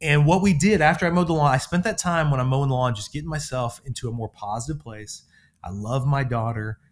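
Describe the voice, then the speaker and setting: A middle-aged man co-hosting a parenting podcast as a counselor, telling stories in a relaxed conversational way and acting out the quotes in them. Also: medium pitch, a little fast. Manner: animated, acts out quotes in his stories. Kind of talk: conversational storytelling.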